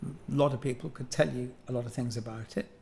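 A man's voice: medium pitch, steady tone, fairly quick, gravelly, darkish tone. Older English man musing at length. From England. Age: 70s. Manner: musing, digressive, with many ums and self-corrections. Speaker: guest sculptor. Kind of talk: reflective conversational monologue.

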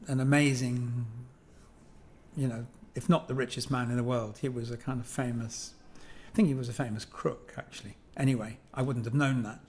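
A man's voice: medium pitch, steady tone, normal speed, darkish tone, slight background noise. An Englishman in his seventies talking about objects in a reflective, digressive way, full of ums and self-corrections. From England. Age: 70s. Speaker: guest sculptor. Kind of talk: reflective conversational monologue.

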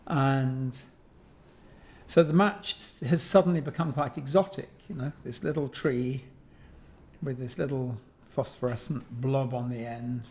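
An English sculptor in his seventies, appearing as a guest, muses about objects in a reflective, wandering monologue full of ums and self-corrections. His medium-pitched, darkish voice has fairly even intonation and moves a little slowly.

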